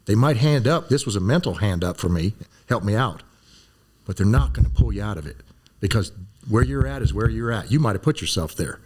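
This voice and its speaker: An older man in his sixties, a former Army medic, telling animated stories in a relaxed conversation and acting out other people's voices. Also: on the low side, fairly quick, husky. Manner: animated storyteller, acts out voices. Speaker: guest, former Green Beret physician. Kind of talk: storytelling in a conversation.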